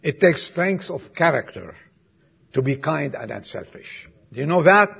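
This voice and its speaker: A man preaching a sermon to his congregation, swinging from emphatic lines to soft, quiet asides and putting questions to the listeners. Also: fairly high pitch, animated, measured pace, vocal fry, husky, highs cut off. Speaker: pastor.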